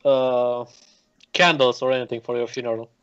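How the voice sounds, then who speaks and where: A man's voice: medium pitch, flat delivery, normal speed, a bit bright, clean tone. A man playing a tabletop game, wry and teasing in casual banter. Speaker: player. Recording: dull lo-fi audio.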